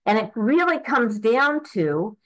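Here a woman in her eighties speaks in a rather high, sing-song voice, slowly, on a rough recording. She offers an earnest, meandering personal testimony at a recovery meeting, restarting often and using lots of fillers.

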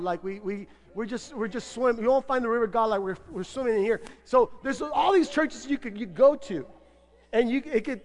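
A man preaching from the pulpit with a striking, very high voice. He keeps the congregation laughing, playfully acting out people's excuses in a lively, humorous sermon. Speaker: pastor. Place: church sanctuary.

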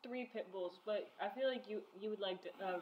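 A woman's voice: mid-range voice, fairly quick, muffled recording, very noisy. Young female guest, curious questions, echoey room. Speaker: podcast guest. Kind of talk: casual chat.

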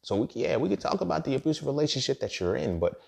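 A man's voice: medium pitch, sing-song, quick pace, creaky, a little mellow, slightly rough. A man hosting a podcast, talking in a blunt, profane, rambling monologue and often repeating words. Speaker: podcast host. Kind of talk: casual monologue.

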